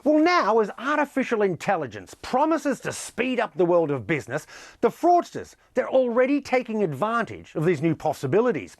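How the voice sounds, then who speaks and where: A man hosting a business news show, presenting with a lively, emphatic delivery. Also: high-pitched, normal speed, dry recording, clean studio sound.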